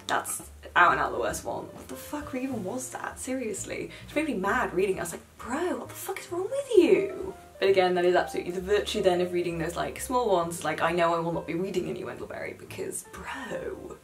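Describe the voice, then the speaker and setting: A young woman talking casually to camera about books, animated and blunt, with sarcastic asides. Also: lowish voice. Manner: chatty, animated, swears and mocks in quoted asides. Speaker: book vlogger. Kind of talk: casual chat.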